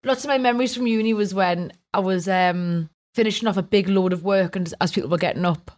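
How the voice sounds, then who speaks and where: A woman's voice: medium pitch, fairly quick, a little mellow. Chatty giggly British woman co-host. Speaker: podcast co-host. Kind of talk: casual chat.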